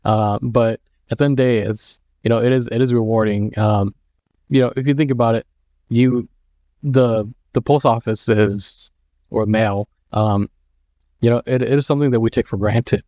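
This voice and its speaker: A man in his thirties giving casual vlog advice, rambling and halting. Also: mid-range voice, steady tone, mellow, dry recording, clean studio sound. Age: 30s. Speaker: mail carrier and vlogger.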